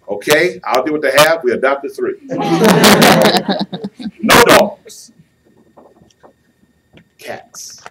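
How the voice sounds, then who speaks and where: A man preaches to a youth crowd at a slow, unhurried pace. He acts out couples' lines in a playful way. His voice sounds distant from the mic, with faint noise underneath. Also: fairly high pitch. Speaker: youth speaker. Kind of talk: sermon.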